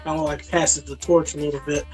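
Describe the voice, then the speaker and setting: Guy with a high voice going off about a movie, gets loud and squeaky quoting himself, music low in the back. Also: little pitch movement, brisk. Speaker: movie review co-host. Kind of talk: casual chat.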